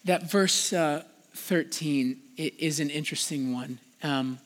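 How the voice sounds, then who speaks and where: High-voiced preacher in a reverberant hall. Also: male voice, unhurried. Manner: casual, conversational preaching with frequent "like"; passionate, rising in pitch and volume when pleading. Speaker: pastor. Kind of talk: sermon. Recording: long reverb of a large hall.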